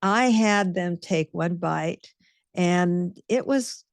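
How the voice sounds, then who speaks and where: Woman giving a talk, low voice, lots of fry, chatty storyteller vibe. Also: takes it slowly, no room sound. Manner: conversational storytelling, reflective. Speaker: guest speaker, author. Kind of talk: illustrated talk with slides.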